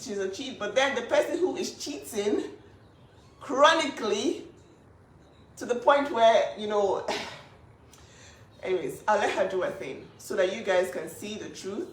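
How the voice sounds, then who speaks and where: A woman's voice: mid-range voice, a little hiss or hum. A woman speaking up for her younger sister in a vlog, emphatic and indignant, often repeating herself. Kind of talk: emotional vlog talk. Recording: echoey room, mic at a distance.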